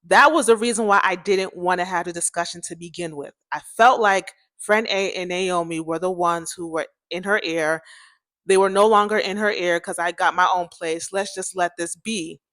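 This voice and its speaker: A woman's voice: steady tone, normal speed, a bit bright. A woman hosting a podcast, telling a personal story in a chatty, candid way, talking straight to her listeners and acting out what people said. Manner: chatty, addresses listeners directly, acts out quoted dialogue; candid, self-described pitchy, cracky voice.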